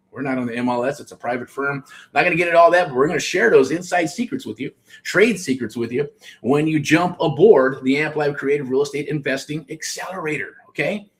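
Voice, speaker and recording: A middle-aged man from the United States hosting a show, talking casually and pitching a program, rambling with restarts and frequent swearing. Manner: rambling, profane, self-interrupting. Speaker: host. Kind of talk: casual promotional talk.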